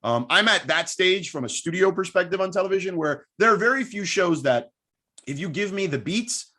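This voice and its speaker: Male sports broadcaster guest with a fairly high voice; quick, animated anecdote telling. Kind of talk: casual storytelling interview.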